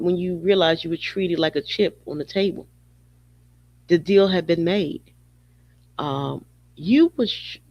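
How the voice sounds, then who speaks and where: A man with a slightly higher voice hosts a podcast in a casual, rambling monologue. He speaks straight to the person he is discussing and fills his talk with plenty of "you know" and "um". The recording is dry and slightly dull. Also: no echo. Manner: conversational, talks straight to the subject, many fillers. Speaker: podcast host.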